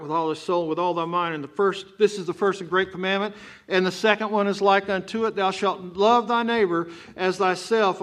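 A man's voice: sits high, fairly bright tone. A man with a Texan accent, preaching a sermon as pastor and breaking into emphatic, rising outbursts. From Texas. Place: church sanctuary.

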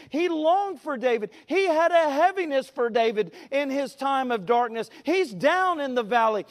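A man's voice: extremely high pitch, in a large hall. A man preaching a sermon in a folksy, storytelling way, drawing out key words. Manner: folksy, tells stories, stretches key words.

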